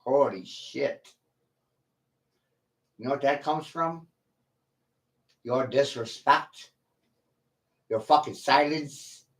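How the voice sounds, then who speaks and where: A man on a livestream rant who drags out every line at a slow, heavy crawl. He swears freely and sounds combative and full of himself, leaving long pauses between jabs. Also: mid-range voice. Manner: profane, combative, boastful.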